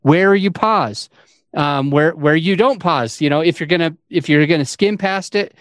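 Man hosting a podcast, bright, dry. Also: a little high, normal speed, no room sound. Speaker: podcast host. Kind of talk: casual interview chat.

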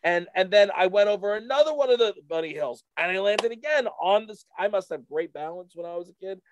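A man casually telling a rambling, animated story full of fillers to a friend. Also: high voice, fairly quick, muffled recording, slight background noise. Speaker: storyteller in a chat.

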